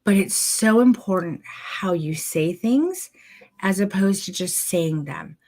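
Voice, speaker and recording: A woman runs an online photography masterclass, talking right to her viewers in a low-ish, encouraging voice. She coaches and demonstrates as she goes, friendly and hands-on. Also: expressive, slow, darkish tone. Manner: encouraging, addresses viewers directly. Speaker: photography posing instructor.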